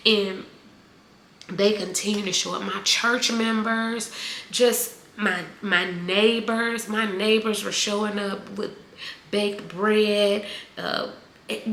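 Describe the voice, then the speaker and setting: A woman in her forties telling a heartfelt personal story, halting with many fillers and close to tears at times. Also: mid-range voice, steady tone, fairly bright tone. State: emotional, near tears. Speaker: vlogger. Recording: echoey room, faint background noise.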